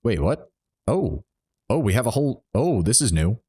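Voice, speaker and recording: A man's voice: fairly low pitch, big pitch swings, normal speed, mellow, husky. A man streaming a role-playing game, chatting casually and reading game dialogue aloud.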